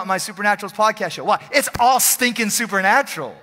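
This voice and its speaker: Man, pastor, energetic conversational preaching, bright tense tone, reverberant church hall. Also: sits high, quick pace. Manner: energetic, joking, repeats phrases for emphasis. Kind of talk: lively conversational sermon. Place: church sanctuary during a service.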